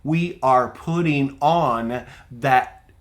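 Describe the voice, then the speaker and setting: A man's voice: medium pitch, very slow. A man preaching an earnest online sermon to viewers, who repeats his points and asks rhetorical questions.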